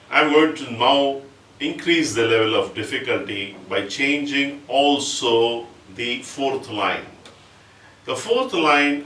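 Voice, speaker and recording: This male percussion instructor has a mid-range voice with a bright, forceful tone, and he patiently explains each step while chanting rhythm syllables. It's recorded off-mic in a roomy space with an instrument playing.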